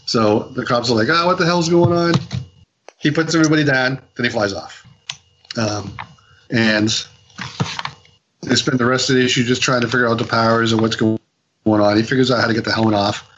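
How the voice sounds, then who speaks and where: A man in mid pitch chatting casually as a podcast co-host. He recaps a story in a loose, rambling way, with plenty of fillers and restarts. He slips into lively little voices when quoting people. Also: fairly quick, pauses often, muffled recording, background noise. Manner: rambling retelling full of fillers and quoted dialogue. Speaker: podcast co-host reviewing comics. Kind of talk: casual chat.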